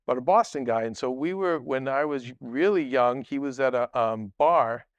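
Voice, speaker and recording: A man's voice: mid-range voice, normal speed, no room sound, muffled recording. A middle-aged man who is a guest on a podcast, telling long stories in a rambling way with many restarts and asides. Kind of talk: casual storytelling.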